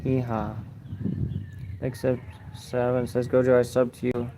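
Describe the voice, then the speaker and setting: A young man streams from a lakeside park on his phone and reads chat aloud in a flat, mumbled monotone. He turns defensive at times. The recording is noisy, with outdoor ambience, traffic and animals behind him. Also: mid-range voice, moderate pace. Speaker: live streamer. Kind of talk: casual live stream, reading chat aloud.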